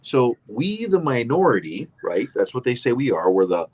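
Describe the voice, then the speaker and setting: A man's voice: mid-range voice, sing-song, normal speed, darkish tone. A man co-hosting a casual political chat show, emphatic and opinionated, rambling with restarts. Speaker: co-host.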